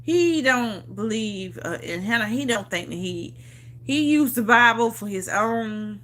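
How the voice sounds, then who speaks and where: Bright-voiced woman telling it straight. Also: fairly high pitch, lively intonation, a little slow. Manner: emphatic and repetitive, laughs often; swears freely. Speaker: vlogger on a livestream. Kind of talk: casual storytelling chat.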